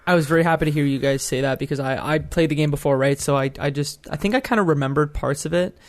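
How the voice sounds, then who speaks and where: A man's voice: fairly high pitch, fast talker. A man co-hosting a podcast, chatting casually and asking others to confirm what he says. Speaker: podcast co-host. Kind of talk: casual chat.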